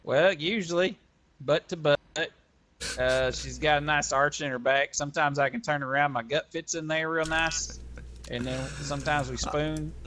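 A man with a high, bright voice playing a police officer in an improvised game role-play. He talks in a folksy, down-home way and keeps pressing to negotiate. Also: fairly even intonation, normal speed, slight background noise.

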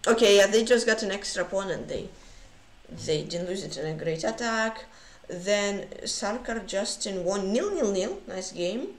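A woman streamer casually commenting on chess games, excitable and full of gasps and exclamations. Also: a little high, echoey room.

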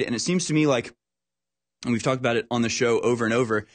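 Guy hosting a talk show, fired up and emphatic, stumbles over words, mid pitch. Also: fast talker. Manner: animated, emphatic, repeats words when worked up. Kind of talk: casual political talk.

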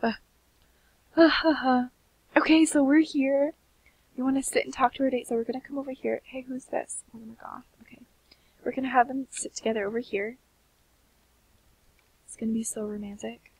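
A young woman giving sleepy, chatty commentary on a life-sim game, often slipping into soft half-whispers. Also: fairly high pitch, fairly even intonation, a little fast, pauses often, breathy edge, dry recording, rough recording. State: sleepy, keeps yawning. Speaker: gaming channel host. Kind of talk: casual gameplay commentary.

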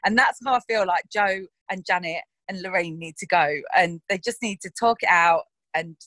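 A woman's voice: on the low side, normal speed, pushed and bright, no echo. A woman actress talking frankly in a casual interview, laughing often. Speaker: actress interviewed about her roles.

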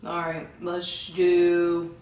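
A woman reads viewer comments in a slow, drawn-out way, then fires back with swearing and shouted insults. The room is roomy and echoey, and she sits well back from the microphone. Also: fairly low pitch, completely flat delivery, muffled recording, a little hiss or hum. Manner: profane, insulting, yells at commenters. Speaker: vlogger reading viewer comments. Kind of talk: angry comment-reading rant. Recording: roomy echo, distant from the mic.

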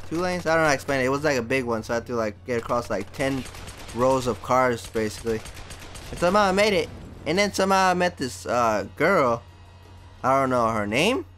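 A man's voice: mid-range voice, a bit bright, slight background noise. A man casually talking over his gameplay footage. He rambles loosely and fills his speech with "like" and "basically". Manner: rambling, full of fillers like "basically" and "like". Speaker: gameplay video host.

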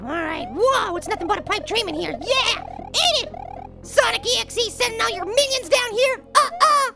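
A man voicing a tiny, cocky male cartoon apple with a sped-up, pitched-up voice, giving brash, giggly game commentary. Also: expressive, normal speed, gravelly, full character voice. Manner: brash, giggly, trash-talking. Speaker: gameplay commentator. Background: game music.

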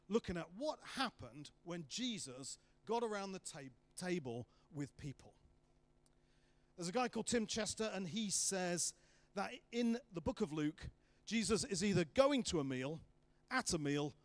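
A man giving a guest sermon in a church hall, chatty and joking with asides. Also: fairly high pitch. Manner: jokey and chatty, self-deprecating asides. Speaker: guest preacher.

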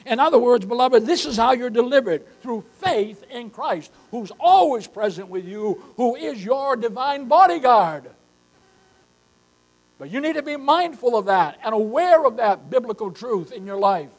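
A man's voice: extremely high pitch, lively intonation, moderate pace, low-quality recording. An older man preaching a sermon as pastor, emphatic and repeatedly calling his listeners beloved.

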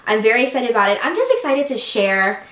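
A young woman hosting an eating show, chatting excitedly with viewers between bites. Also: fairly high pitch, fast talker, echoey room. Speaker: mukbang host. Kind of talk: casual eating-show chat.

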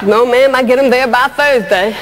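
A man's voice: very high voice, moderate pace, big-room sound, noisy background. A woman quoting a skinny old male hotel bellhop who politely insists on doing his job. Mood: politely insistent. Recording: live stage with audience laughter.

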